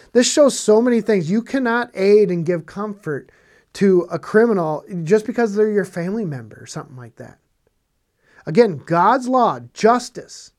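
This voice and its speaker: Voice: mid-range voice, darkish tone. A Bible teacher preaching on scripture in a conversational way, stressing points by repeating phrases and asking rhetorical questions.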